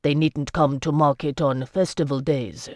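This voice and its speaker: Narrator reads a weary male merchant lord: slow, level, patient, dry close read. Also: medium pitch, steady tone, a little mellow, dry recording, natural voice.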